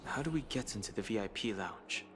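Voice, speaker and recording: An actor voicing a composed, cautious game companion who speaks in a measured, polite way. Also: male voice, on the low side, expressive, close to an everyday voice. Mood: calm. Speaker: game character. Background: game music.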